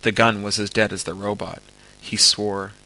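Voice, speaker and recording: Guy reading a story out loud, gravelly, bright tone, trips on words now and then. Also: lowish voice, moderate pace, poor audio. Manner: steady reading with occasional stumbles. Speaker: narrator. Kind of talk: amateur audiobook reading.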